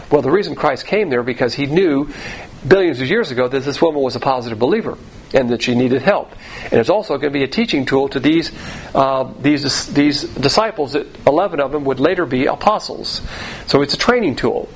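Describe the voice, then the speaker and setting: A man's voice: mid-range voice, expressive, brisk, slightly rough, rough recording. A man teaching the Bible verse by verse in a conversational way, repeating phrases and restarting sentences.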